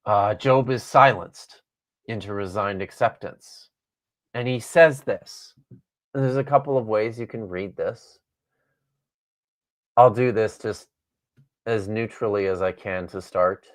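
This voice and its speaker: A man's voice: fairly low pitch, slow, pauses often. Wry, thoughtful male scholar. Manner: thoughtful, wry, with frequent restarts. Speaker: guest author and Bible scholar. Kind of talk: podcast conversation, reading from his own book.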